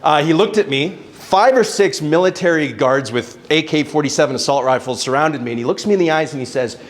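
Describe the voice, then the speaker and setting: A young adult man telling a casual, animated story as a speaker at a networking event, swearing now and then. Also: a little high, a little fast. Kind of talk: storytelling talk on stage. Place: event venue with live audience.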